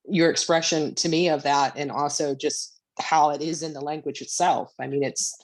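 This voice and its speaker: A woman's voice: deep voice, steady tone, normal speed. A woman student in a class, speaking earnestly and appreciatively.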